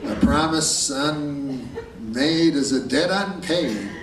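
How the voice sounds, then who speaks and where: A man doing stand-up comedy with a deadpan, rambling delivery, on stage before a laughing audience. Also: on the high side, takes it slowly, heavy background noise. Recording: roomy, distant live stage recording. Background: loud audience laughter.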